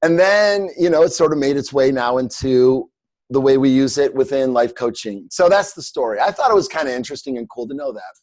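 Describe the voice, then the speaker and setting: A man's voice: medium pitch, animated, fairly quick, a little mellow. A middle-aged man teaching a coaching class in a casual, rambling way, joking at his own expense, with many fillers. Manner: rambling, jokey, self-mocking, many fillers. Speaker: coaching instructor. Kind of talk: casual teaching on a group call.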